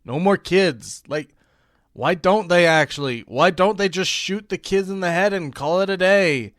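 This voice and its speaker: A young man talks through a movie he dislikes, sarcastic and exasperated, shifting from shouted disbelief to muttered confusion. His voice sits a bit high for a man. The recording is close and dry, with no room sound at all. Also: a little slow, dry recording. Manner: exasperated, sarcastic, swings between loud outbursts and mumbled confusion. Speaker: movie reviewer. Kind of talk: comedic movie review narration.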